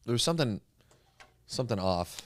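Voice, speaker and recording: A man's voice: medium pitch, expressive, brisk, no echo. A man co-hosting a podcast, chatting casually and dropping dry, offhand remarks. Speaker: podcast co-host. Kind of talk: casual chat.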